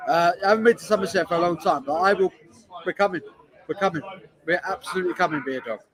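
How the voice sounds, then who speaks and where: A man with a high-pitched voice trades jokey banter with his viewers in a relaxed, chatty way. Loud bar chatter fills the room behind him. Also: fast, low-quality recording. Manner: jokey, chatty banter, talks straight to the chat. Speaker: streamer. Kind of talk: casual chat with viewers. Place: busy bar taproom.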